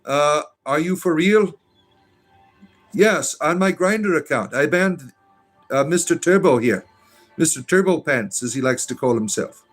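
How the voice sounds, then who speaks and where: A man's voice: on the high side, expressive, measured pace, faint music behind. A man with a Southern US accent hosting a livestream, reading chat comments aloud in a rambling, hesitant way full of uh's and restarts, sarcastic and defiant in his answers.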